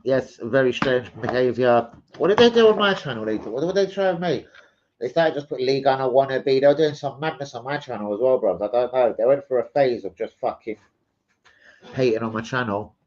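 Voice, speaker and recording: A man hosting a casual live stream, swearing freely, rambling and giving loud shout-outs to chat. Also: medium pitch, brisk. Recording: slightly muffled stream audio.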